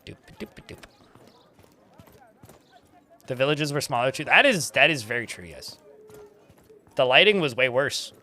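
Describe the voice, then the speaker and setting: A young man giving casual gameplay commentary, joking and rambling, thinking out loud and swearing freely. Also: mid-range voice, very animated, moderate pace. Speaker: streamer playing a game.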